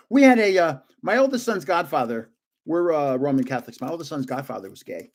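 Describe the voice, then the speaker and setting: Older guy ripping card packs live, chatty, voice jumps all over, kinda high. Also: fairly quick. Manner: excitable, chatty, guessing aloud with frequent laughs. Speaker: card-opening vlogger. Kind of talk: casual live card opening.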